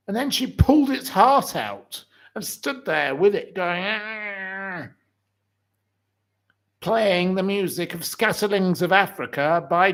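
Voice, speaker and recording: A man in his forties vents on his channel, indignant and repetitive as he stacks up insults. His voice sits fairly high for a man. He takes his time over each outraged sentence. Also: fairly bright tone. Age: 40s. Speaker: channel host. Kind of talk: ranting livestream commentary.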